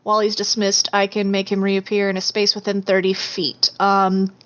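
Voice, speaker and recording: A woman's voice: medium pitch, monotone, moderate pace, a bit bright, highs cut off. A woman playing a tabletop game, explaining her moves casually with fillers. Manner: casual, giggly, filler-heavy. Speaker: player.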